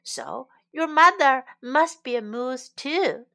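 A woman's voice: high voice, animated, slow pace, vocal fry, bright, forceful tone, full character voice. A woman voicing a stubborn, self-assured male moose in a children's story, speaking insistently. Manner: insistent, emphatic.

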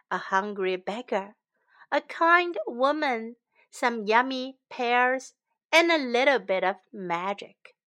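A woman reading a children's story aloud slowly and clearly for English learners. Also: a little high, a bit bright. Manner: slow, clear, teacherly.

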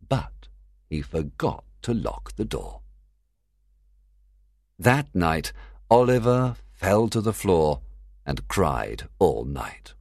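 A man reads a simplified classic novel for learners in a very deep voice. He speaks slowly and clearly but with lively rises and falls in pitch. The recording is close and dry. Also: no room sound. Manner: clear, deliberate storytelling. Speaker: narrator. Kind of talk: graded reader audiobook narration.

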